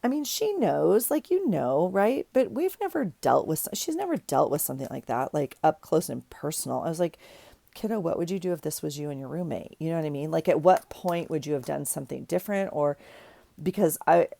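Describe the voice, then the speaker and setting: Low gravelly chatty woman. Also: a little fast, no room sound. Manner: chatty, animated retelling with many "like"s. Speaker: journaling vlogger. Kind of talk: casual storytelling while crafting.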